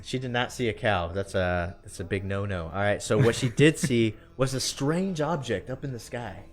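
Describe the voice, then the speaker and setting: A man, telling a story in a drawn-out country storytelling voice and often asking "all right?". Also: medium pitch, soft background music. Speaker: podcast co-host.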